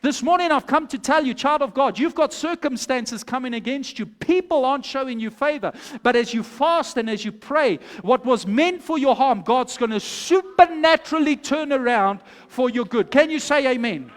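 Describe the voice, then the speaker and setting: A man's voice: very high-pitched, expressive, moderate pace, hardly any pauses, long reverb tail. A man, a pastor preaching a sermon, telling the story and exhorting his congregation.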